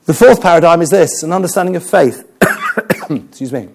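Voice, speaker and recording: A man preaching a sermon, moving between humour and hushed, serious storytelling. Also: on the high side, normal speed, gravelly. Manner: animated, humorous preaching with dramatic quiet passages.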